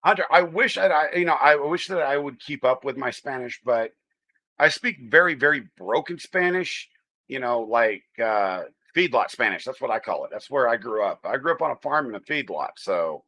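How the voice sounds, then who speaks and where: In a General American accent, a US man hosts a relaxed livestream, chatting loosely and welcoming viewers by name. His voice is mid-range, expressive, bright and forceful, at a normal speed.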